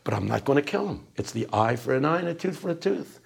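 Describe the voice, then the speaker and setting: A man voicing a calm, soft-spoken older mob boss who speaks low and measured. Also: creaky, breathy edge, heavily acted. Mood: calm menace.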